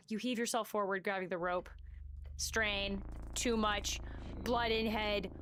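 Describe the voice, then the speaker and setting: A woman's voice: mid-range voice, steady tone, a little slow, a bit bright, slight background noise. A woman streaming gameplay live, reading game text aloud and swearing as she talks to chat.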